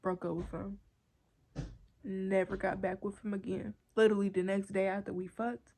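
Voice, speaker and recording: A young woman vlogger telling a storytime tale in animated, profane street slang while she smokes. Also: medium pitch, normal speed. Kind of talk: casual storytime vlog.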